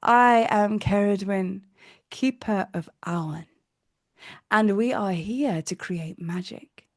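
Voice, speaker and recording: A gentle nurturing goddess Ceridwen, voiced by a woman. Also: mid-range voice, takes it slowly, natural voice. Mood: soft, tender. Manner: gentle, solemn, encouraging. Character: kindly ancient Celtic goddess, female, nurturing.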